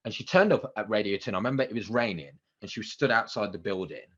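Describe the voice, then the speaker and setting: A man in his thirties tells his stories at a quick clip in a slightly low voice. He plays out the quotes with bursts of excitement. The recording is dull and lo-fi. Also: husky. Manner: animated anecdotes with acted-out quotes and excited outbursts. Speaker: guest, radio presenter. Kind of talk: casual interview storytelling.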